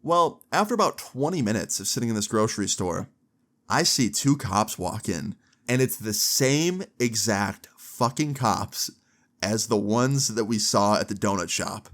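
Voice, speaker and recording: A man's voice: lowish voice, expressive, measured pace, a bit bright. A young man telling a long story to camera in a casual, swearing, filler-heavy way. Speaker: storytime vlogger.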